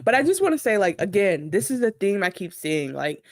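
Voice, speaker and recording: A woman's voice: medium pitch, sing-song, fairly quick, no room sound, clean studio sound. A woman co-hosting a casual TV recap podcast, laughing often and giving her opinions on the scenes. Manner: chatty, laughs often, gives opinions and acts out lines. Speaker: podcast co-host.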